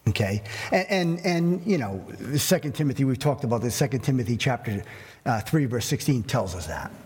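A male pastor preaching a sermon in an animated way, acting out everyday scenes with humor. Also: medium pitch, moderate pace, slightly rough, big-room sound.

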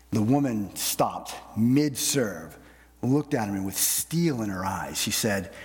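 A male pastor preaching a sermon, often repeating words and pausing with fillers as he speaks. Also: medium pitch, lively intonation, a little mellow, in a large hall. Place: church sanctuary.

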